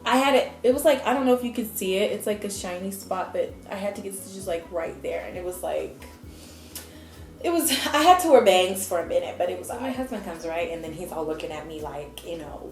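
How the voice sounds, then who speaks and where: A young adult woman vlogging, telling a personal story in a chatty, animated way and acting out what people said. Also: medium pitch, a little fast. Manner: chatty, animated, acts out quotes. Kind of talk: casual storytelling. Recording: echoey room.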